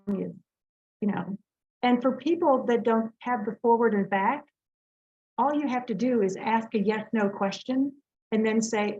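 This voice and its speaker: Middle-aged woman guest, higher pitched, earnest and chatty, slightly muffled lo-fi audio. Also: warm tone. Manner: chatty, earnest, lots of fillers and quick laughs. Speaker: Reiki master, guest speaker. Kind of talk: casual storytelling in an interview.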